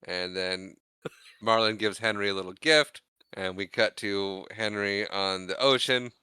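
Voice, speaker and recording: Podcast co-host, male, bright crisp voice, dry close mic, chatty movie recap with quick put-on voices for characters. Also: lowish voice, fairly even intonation, no echo. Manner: acts out characters' lines in exaggerated voices while recapping. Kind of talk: casual movie recap chat.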